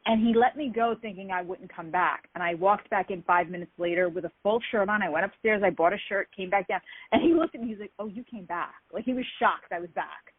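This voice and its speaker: A woman guest in an interview telling lively stories from her career, acting out the dialogue of people she quotes. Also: medium pitch, quick pace, no room sound. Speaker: interview guest, martial artist. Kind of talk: casual storytelling interview. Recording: tinny phone-like dry sound.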